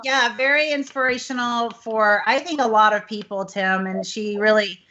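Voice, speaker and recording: A woman in her fifties from Texas hosts the show and wanders through a long anecdote, looping back with fillers as she goes. Her voice sits a little high and sounds bright and crisp. The audio comes through slightly muffled, like an online call. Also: steady tone, normal speed. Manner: rambling storyteller, many fillers like "anyways". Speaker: host. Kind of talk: casual chat, long personal anecdote.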